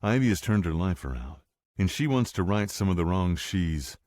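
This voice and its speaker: A man voicing a nervous, pompous rich husband who keeps trying to smooth things over, in an audiobook. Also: sits low, lively intonation, moderate pace, a little mellow, dry recording, studio quality, pitched above the performer's own voice. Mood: nervous placating. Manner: placating, flustered.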